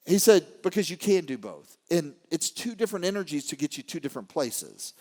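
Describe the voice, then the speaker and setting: A man giving an animated motivational talk to a live audience, swinging from quiet storytelling to shouting. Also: sits high, brisk. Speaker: motivational speaker. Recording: long hall reverb.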